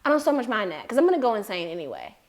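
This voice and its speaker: A young adult woman co-hosting a podcast, telling stories in casual chat with loud acted-out quotes and free swearing. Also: a little high, big pitch swings, very fast. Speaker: podcast co-host.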